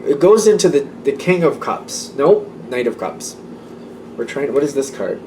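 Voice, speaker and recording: A man's voice: medium pitch, expressive, moderate pace, mellow, far from the mic, slight background noise. A man giving a casual tarot reading, chatty and repetitive, with small laughs between his thoughts. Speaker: tarot reader.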